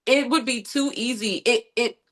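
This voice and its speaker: A young adult woman from the United States, an interview guest who tells her story in an animated way and keeps quoting her own thoughts. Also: a little high, moderate pace. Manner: animated storytelling, frequent "like" and quoted inner thoughts. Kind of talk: conversational interview recounting an incident.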